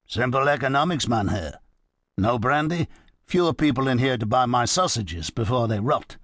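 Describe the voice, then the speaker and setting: A man's voice: mid-range voice, expressive, moderate pace, fairly bright tone, no room sound, clean studio sound. A man playing a talkative middle-aged barman with a wry, confiding manner.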